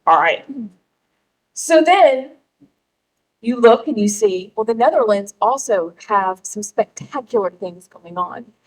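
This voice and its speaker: Woman, middle-aged, fired-up speech to a crowd, slightly high voice, punchy pauses. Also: animated, poor audio. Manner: emphatic, rallying, with pauses for effect. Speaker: speaker at a political gathering. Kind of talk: public speech to a live audience.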